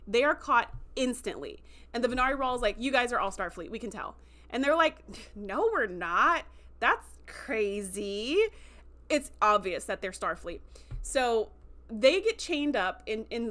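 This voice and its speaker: A woman hosting a livestream, recapping a TV episode in a chatty, animated way and acting out quotes. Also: fairly high pitch, normal speed. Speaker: show review host. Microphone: livestream microphone.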